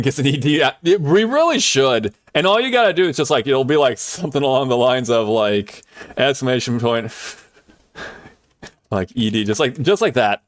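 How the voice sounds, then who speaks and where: A man's voice: mid-range voice, no room sound. Chatty upbeat male streamer, dry mic. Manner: chatty, upbeat, lots of fillers and asides. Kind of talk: casual live-stream chat with viewers.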